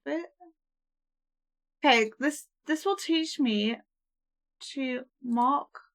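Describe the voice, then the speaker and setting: High-voiced young woman streamer, unhurried. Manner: flustered, giggly, thinks aloud. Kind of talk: casual live-stream gameplay chat.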